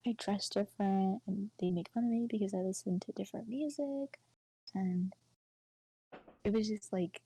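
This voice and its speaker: Young woman, podcast co-host. Husky, soft-toned voice. Chatty, filler-heavy storytelling that dips to near-whispers. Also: mid-range voice, normal speed, no echo, low-quality recording. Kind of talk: casual personal storytelling.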